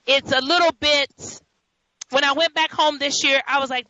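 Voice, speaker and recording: Bright high-voiced woman telling dating stories. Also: moderate pace, no room sound. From New York. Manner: storytelling, laughing, animated asides. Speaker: host. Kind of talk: casual chat. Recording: dull lo-fi audio.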